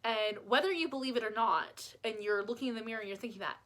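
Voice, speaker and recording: A woman life coach talks casually through self-help advice, upbeat and self-deprecating. Her voice is bright and sits a little high. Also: fast.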